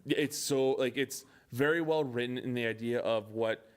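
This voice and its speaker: A man's voice: medium pitch, moderate pace, clear, resonant tone. A young man co-hosting a podcast in casual chat, swearing often and acting out movie lines. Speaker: podcast co-host.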